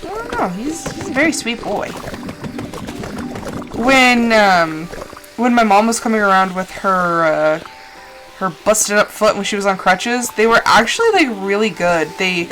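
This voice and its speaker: A woman's voice: medium pitch, a little slow, music in the background, poor audio. A woman streamer chatting casually and rambling while she plays a game. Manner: rambling, chatty, animated asides. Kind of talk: casual chat while gaming.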